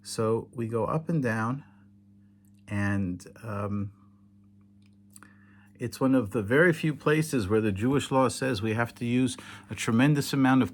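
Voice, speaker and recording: A tired man explains a hands-on demonstration late at night, patient and halting, with many fillers and self-corrections. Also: lowish voice. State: tired, yawning. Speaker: teacher demonstrating kosher slaughter. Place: home indoors in Israel, at night.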